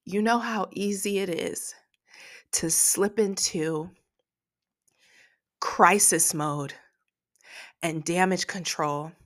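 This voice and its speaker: A woman's voice: on the low side, slow pace, long pauses. A woman preaching a devotional podcast sermon, emotional and tearful, praying aloud between her points.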